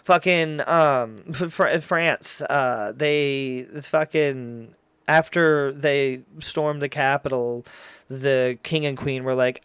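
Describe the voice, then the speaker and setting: A man's voice: mid-range voice, fairly even intonation, slow pace, fairly bright tone, smooth, no echo. A man hosting a casual podcast chat, rambling and laughing often as he riffs and acts out quoted voices. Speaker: podcast host.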